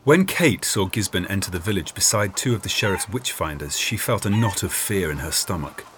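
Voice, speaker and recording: A man narrating an audiobook in an expressive reading. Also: deep voice, a little fast, background noise. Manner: expressive, voices many characters.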